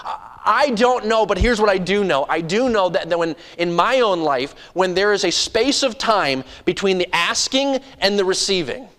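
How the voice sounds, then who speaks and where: A man preaching a sermon who drops to a hush and then rises to loud, urgent passages, often repeating words when he gets going. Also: sits high, lively intonation, moderate pace, hardly any pauses. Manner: swings from hushed to loud and urgent, acts out voices. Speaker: pastor.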